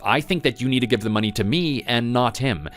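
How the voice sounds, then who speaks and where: A man's voice: mid-range voice, brisk, a bit bright, soft background music, close to an everyday voice. A man playing a bitter, drunk adult son who blames his mother for his failures in an accusing, self-pitying way. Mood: demanding. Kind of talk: dramatized family story reading.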